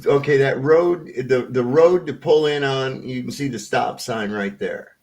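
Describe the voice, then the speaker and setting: A man's voice: medium pitch, unhurried, darkish tone. A man chatting loosely on a podcast, telling stories with laughter and swearing. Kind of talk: casual chat, storytelling.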